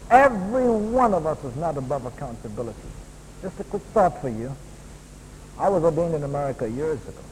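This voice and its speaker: A man preaching a sermon as a pastor, building to loud emphatic peaks and then dropping to quieter, lower asides. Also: very animated, fairly quick, a little hiss or hum. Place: church hall. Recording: long hall reverb, faint ambience.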